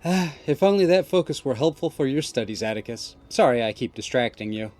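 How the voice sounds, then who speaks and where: A man's voice: medium pitch, animated, a little fast, darkish tone, lightly acted. A man voicing a bossy young woman gang leader who scolds in a firm way. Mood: stern. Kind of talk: reading game dialogue aloud.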